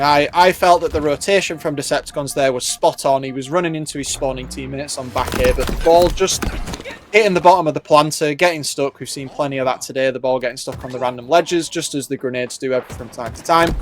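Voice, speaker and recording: A man with a northern English accent giving relaxed, analytical color commentary on a live esports match. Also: fairly high pitch, fairly quick, a little hiss or hum.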